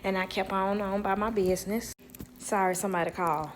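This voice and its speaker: A woman telling a casual storytime, animated, quoting people in lively voices and laughing often. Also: mid-range voice, brisk, noisy background. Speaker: storyteller vlogger.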